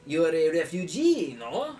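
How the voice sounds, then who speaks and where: A man's voice: fairly high pitch, wildly swooping pitch, moderate pace, mellow, far from the mic, faint music behind. A man voicing a fussy male halfling innkeeper in a put-on mock French accent, polite and hesitant with many ums.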